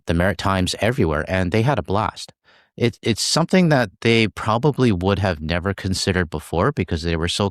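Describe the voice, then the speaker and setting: A man hosting a casual interview, talking in a relaxed, rambling way with plenty of fillers. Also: low-pitched, clean tone, no echo, clean studio sound. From Canada. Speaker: channel host.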